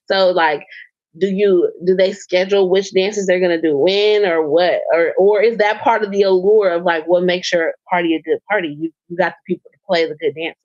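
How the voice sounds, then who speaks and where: A woman's voice: on the low side, fairly even intonation, moderate pace, a little mellow, no echo, dull audio. A woman co-hosting a podcast, recapping a show in loose casual chat, swearing and laughing as she rambles with fillers. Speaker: podcast co-host.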